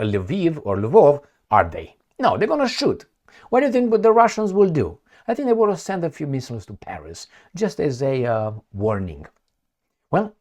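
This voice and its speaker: A man delivers a loose, rambling monologue about current events, full of "uh"s and restarts. He's sarcastic, mocking the people he quotes, and his voice rises and falls in a lively, animated way. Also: mid-range voice. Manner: sarcastic, acts out quoted politicians in mocking voices, many fillers. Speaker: political commentary vlogger. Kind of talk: casual opinion monologue.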